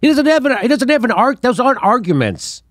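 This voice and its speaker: A middle-aged man hosting a political commentary show, talking in an animated, scornful way and laughing between his points. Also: extremely high pitch, brisk, no room sound, clean studio sound. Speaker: show host.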